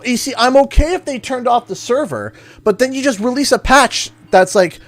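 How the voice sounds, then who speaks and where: A man's voice: very high-pitched, moderate pace, hardly any pauses, no echo, soft background music. A man from Canada chatting casually while live-streaming a video game, playfully exaggerated and sing-song when he complains. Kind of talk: gaming livestream chat.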